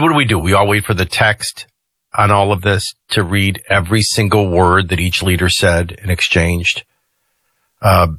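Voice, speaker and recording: A male talk radio host speaks in a forceful, somewhat husky voice with a low pitch. He talks in a loose, conversational way and throws in jokey asides. The sound is close and dry, straight from a studio mic. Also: dry recording.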